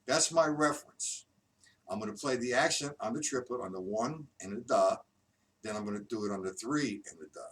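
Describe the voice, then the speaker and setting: Recorded from a distant mic amid loud noise, a man leads a live-streamed drum class. His mid-range voice is animated as he patiently and slowly counts out beats, demonstrates rhythms, and explains every exercise.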